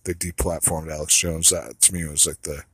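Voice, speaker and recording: A man's voice: rumbling low, level tone, moderate pace, noisy background. A man delivering a rambling solo monologue, blunt and profane, trailing off into asides.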